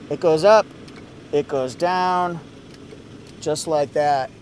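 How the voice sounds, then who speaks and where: A man's voice: fairly high pitch, slow, long pauses, a little hiss or hum. A man reviewing a car from inside it in a casual, upbeat walkthrough with joking asides.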